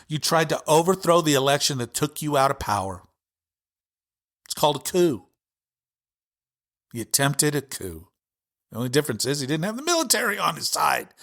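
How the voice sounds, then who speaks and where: A man's voice: on the high side, a bit bright. A male podcast host giving an impassioned, profane political rant with heavy emphasis.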